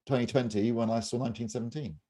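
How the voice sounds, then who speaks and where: A man's voice: mid-range voice, steady tone, fast talker, mellow. A man in his fifties, a podcast co-host, chatting casually in a wry, rambling, joking way. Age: 50s. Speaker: reviewer and co-host. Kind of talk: casual chat.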